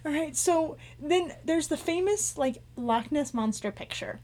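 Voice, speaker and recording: A woman's voice: high voice, a little slow. A woman co-hosting a casual chat show, telling a story with lots of laughs and acted-out quotes. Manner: animated, laughs often, acts out quotes. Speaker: podcast co-host.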